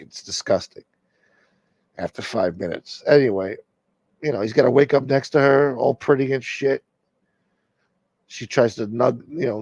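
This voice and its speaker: Foul-mouthed fifties guy ranting, gravelly voice, dry close sound. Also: mid-range voice, darkish tone, dry recording. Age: 50s. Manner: crude, sarcastic, mocking. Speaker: host. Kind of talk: profane comedic rant.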